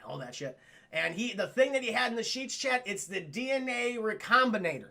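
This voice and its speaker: A man's voice: high-pitched, sing-song, fairly quick, gravelly, sharp tone. A man streaming a profane, rambling recap of a cartoon episode and talking to his chat.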